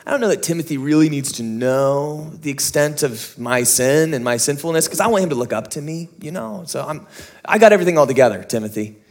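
A young adult pastor preaching in a loose, chatty way, with a somewhat high voice. He tells stories on himself with quick asides and jokes. He then drops back into earnest points. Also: animated. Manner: conversational, self-mocking storyteller, quick asides. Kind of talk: sermon.

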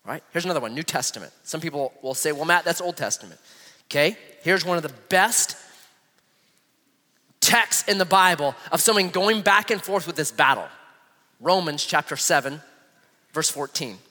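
High bright-voiced preacher guy, swoops all over, big echoey hall. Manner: animated preaching, reading scripture aloud slowly. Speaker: pastor. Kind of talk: sermon. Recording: long hall reverb.

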